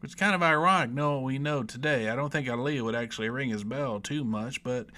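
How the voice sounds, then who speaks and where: A man's voice: medium pitch, fairly quick, bright, forceful tone. A man with a Southern US accent, telling a comedic, rambling, irreverent story as a book reviewer.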